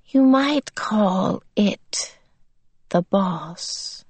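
A woman voicing a cold, sinister little boy under a possessing mind, speaking in a flat, monotonous way. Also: mid-range voice, very slow, breathy edge, no echo, exaggerated voice. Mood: menacing.

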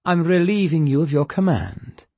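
A man playing a calm, menacing villain. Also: fairly high pitch, normal speed, no echo, lo-fi sound, voice pushed up. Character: cold, amused male villain seizing command.

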